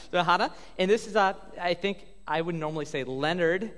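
A pastor on a church stage interviewing guests in an upbeat, joking way, halting with fillers. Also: male voice, high-pitched, fairly bright tone. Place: church sanctuary. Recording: long hall reverb.

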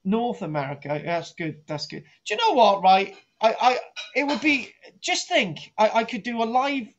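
Rambling, jokey archaeology presenter, lo-fi. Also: male voice, high voice, animated, normal speed. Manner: jokey, rambling, restarts sentences, teases his co-host. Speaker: archaeologist and live-stream presenter. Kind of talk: rambling casual live-stream lesson. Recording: dull lo-fi home stream audio.

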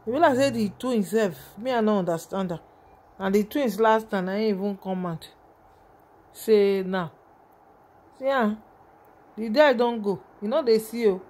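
A woman with a Nigerian accent talks her viewers through a video in loose, rambling commentary. Her voice sits at a middle pitch, and she sounds heavy with emotion as she keeps turning back to her audience. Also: normal speed, pauses often, a little mellow. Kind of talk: casual commentary vlog.

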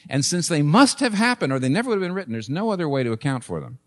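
A man in his sixties preaching a sermon as pastor, emphatic, with sudden rises and soft drops. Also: fairly high pitch, big pitch swings, very fast.

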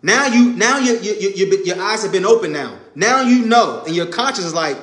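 A man's voice: sits high, fairly quick, few pauses, echoey room. A man preaching an informal sermon, emphatic and conversational, repeating his points. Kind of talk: informal sermon to a live audience.

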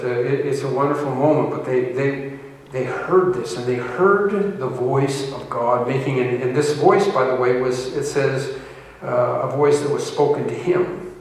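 A male pastor delivers a sermon at a middle pitch, moving between read scripture and loose, restarting explanation. His voice rings through a large, reverberant church hall and sounds distant from the microphone. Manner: reads scripture aloud, then explains it with restarts and fillers. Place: church sanctuary.

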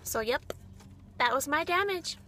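A woman's voice: high voice, expressive, a little slow, bright, forceful tone, slight background noise. A woman chatting casually and rambling through her day for a vlog, filmed on a phone in a car. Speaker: vlogger. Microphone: phone camera.

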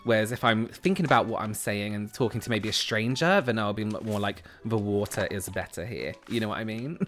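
A man's voice: fairly low pitch, fast, a bit bright, faint music behind. A man with a southern English accent, chatting casually with his livestream audience, full of restarts and giggles. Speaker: gaming streamer reading chat.

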